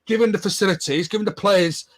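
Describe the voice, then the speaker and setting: Man, high pitch, ranting, frustrated, sweary, casual fan discussion. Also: fast talker. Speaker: fan pundit.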